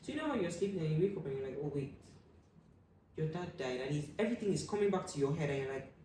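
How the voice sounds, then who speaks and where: Animated woman telling a story in a roomy space. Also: fast talker, recorded from a distance. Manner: animated, acts out quoted voices with sudden loud high bursts. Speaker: guest. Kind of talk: personal storytelling in an interview. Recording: echoey room, voice from off the mic, faint room hum.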